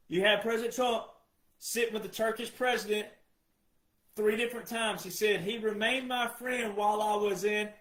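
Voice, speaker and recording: A man delivering an impassioned political monologue, emphatic and repetitive, often rising to shouts. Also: very high voice, reverberant, poor audio. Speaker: political commentator.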